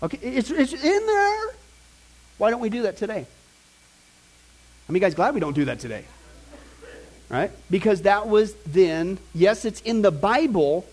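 A middle-aged man preaching and teaching in a conversational, animated way, with asides to the congregation. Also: high-pitched, moderate pace, pauses often. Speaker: pastor teaching a Bible class. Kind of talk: sermon.

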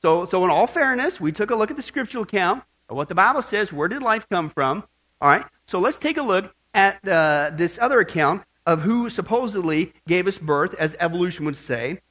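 A man with a high voice preaches a sermon. He reads scripture aloud and puts questions to his listeners. He mixes jokes and emphatic asides into his preaching. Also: animated, brisk, bright, forceful tone. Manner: emphatic, joking, asks questions of the audience. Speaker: pastor.

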